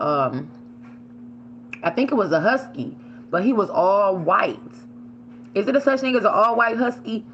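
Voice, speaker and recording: A woman casually telling a story while she eats on camera, animated and swearing freely, sometimes shrieking the words she yelled. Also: sits low, highs cut off, slight background noise. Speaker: vlogger.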